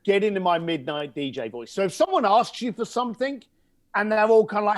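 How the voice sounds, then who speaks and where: A middle-aged man, a podcast guest, telling a story with lively acted-out dialogue. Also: high-pitched, brisk. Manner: animated storyteller who acts out dialogue.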